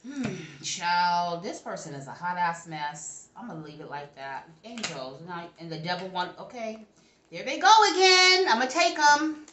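A woman's voice: fairly low pitch, very animated, normal speed, hardly any pauses, roomy sound, noisy background. A woman giving a casual tarot reading to camera, brash and profane, talking back to her spirits as she goes. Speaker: tarot reader.

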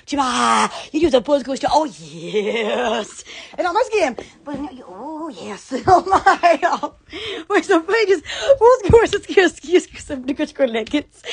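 Giddy high-voiced woman live-streaming. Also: a little slow, creaky. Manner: giddy and excitable, laughing and squealing often. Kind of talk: casual live-stream chat.

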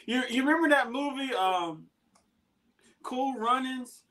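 Male streamer, high voice, rambling casual delivery over a laptop call. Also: animated, slow, bright, forceful tone. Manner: rambling, laughing, spicy-food aftermath. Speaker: YouTube channel host. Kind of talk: casual livestream chat. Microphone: laptop or tablet on a video call.

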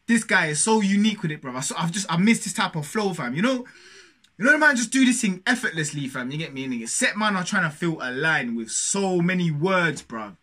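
Hyped young man, high and bright. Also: fairly quick. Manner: excitable, heavy street slang, shouted interjections. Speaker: reaction video host. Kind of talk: hyped casual reaction commentary. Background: music track playing faintly.

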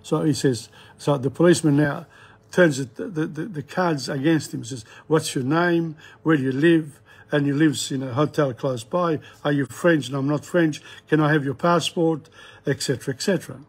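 A man with a husky voice teaching a live language lesson, reading French passages aloud and retelling them in English. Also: on the high side, normal speed.

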